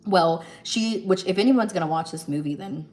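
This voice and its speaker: A woman hosting a casual livestream, telling the story of a movie while she cooks and acting out the characters' lines with lively energy. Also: lowish voice, moderate pace. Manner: animated storytelling, jumps between narrating and acting out lines. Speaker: livestream host. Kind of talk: casual chat retelling a movie while cooking.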